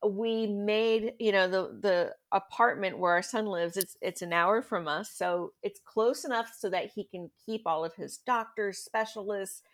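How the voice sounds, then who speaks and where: A woman's voice: mid-range voice, unhurried, hardly any pauses. A middle-aged woman speaking as a guest in a casual interview, a chatty storyteller who often laughs. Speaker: guest parent.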